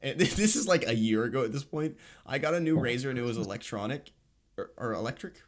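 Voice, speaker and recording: Animated young man telling stories. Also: medium pitch, fast talker. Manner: animated storyteller, acts out voices, laughs often. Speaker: podcast co-host. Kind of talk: casual chat.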